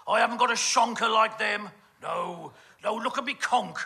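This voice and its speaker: A man's voice: high voice, normal speed, creaky, sharp tone. A man with a British accent doing a camp, gossipy stage comedy monologue full of innuendo. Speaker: comic performer.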